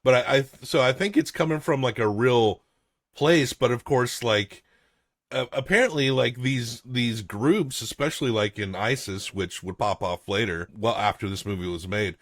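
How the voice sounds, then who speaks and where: A man's voice: medium pitch, normal speed, a bit bright, no room sound. A man hosting a podcast, chatting casually about a movie, rambling with lots of restarts and swearing. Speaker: podcast host. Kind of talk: casual movie review chat.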